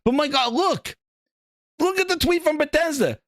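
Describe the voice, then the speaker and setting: Man, high lively voice, excitable, swearing, gaming stream reaction, dry sound. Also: moderate pace, no echo. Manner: excitable, laughing, profane, repetitive. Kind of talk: live stream reaction commentary.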